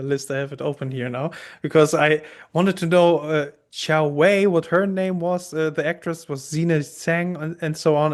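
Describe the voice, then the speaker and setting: Man, german accent, podcast host, slightly high voice, halting casual chat. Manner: hesitant, many fillers and restarts, laughs easily.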